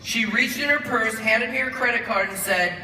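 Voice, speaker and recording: A man giving an animated acceptance speech in a large hall, telling a story and acting out both sides of the conversation. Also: very high-pitched, normal speed. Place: large event hall with audience. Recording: roomy hall sound from a distant mic, faint noise.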